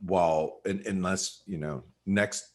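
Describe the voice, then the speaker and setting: A man's voice: deep voice, fairly even intonation, measured pace. A man giving casual live market commentary on a webinar, rambling with lots of fillers and repeated words, heard over a video call. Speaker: market analyst on a trading webinar.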